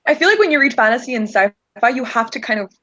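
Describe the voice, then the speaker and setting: A woman's voice: on the high side, expressive, fast talker, background noise. A woman guest in a casual livestream book chat, eager and full of fillers and laughs. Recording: dull dry remote audio.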